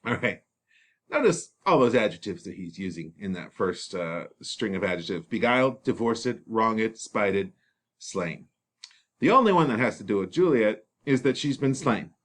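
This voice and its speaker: A man's voice: fairly low pitch, very animated, normal speed, fairly bright tone. Casual man explaining a play. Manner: casual and chatty, with fillers and laughs. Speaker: teacher.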